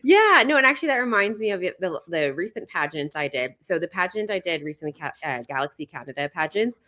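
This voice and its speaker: Woman, low pitch, young adult, podcast guest, casual chatty talk, lots of fillers. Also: sing-song, pushed and bright. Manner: chatty, quick, with frequent "like" fillers. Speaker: psychologist guest. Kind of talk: casual interview chat.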